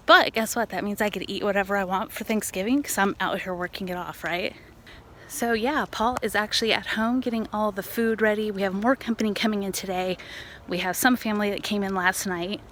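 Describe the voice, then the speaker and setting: A woman's voice: medium pitch, steady tone, a little fast, fairly bright tone, slight background noise. Chatty woman vlogging. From United States. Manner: chatty and friendly, showing things as she talks. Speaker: family vlogger. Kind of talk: casual vlog chat to camera.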